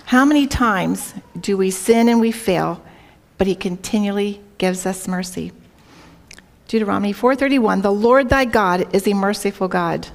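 Earnest and speaking at a moderate pace, a woman with a gravelly, medium-pitched voice leads a devotional talk for a women's group. She relates a story, reads scripture, and often asks her audience questions, wearing a worn microphone.

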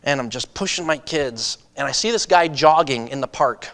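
A male preacher giving a sermon, swinging from impassioned urging to hushed personal storytelling. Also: lively intonation, normal speed, long reverb tail. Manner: impassioned, rising in pitch and volume to urge; hushed and confessional when telling stories.

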